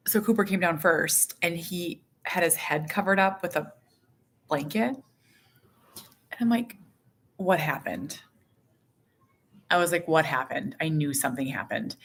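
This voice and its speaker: Chatty woman with a lowish voice. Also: a bit bright. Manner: chatty and rambling, with many fillers, self-deprecating asides and acted quotes. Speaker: vlogger and mother. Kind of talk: casual personal vlog chat.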